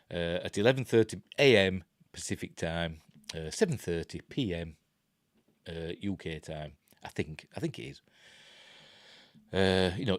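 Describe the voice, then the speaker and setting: Lively Yorkshire man hosting a stream. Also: sits low, no echo, clean studio sound. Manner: chatty, reads out articles with joking asides. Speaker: host of a live news stream. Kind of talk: casual live-stream news reading.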